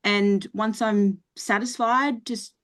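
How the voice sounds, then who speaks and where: A young woman talking as a podcast guest, relaxed and plain-spoken, laughing often and saying "like" a lot. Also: mid-range voice, slow pace. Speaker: coaching client guest. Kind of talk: casual interview chat.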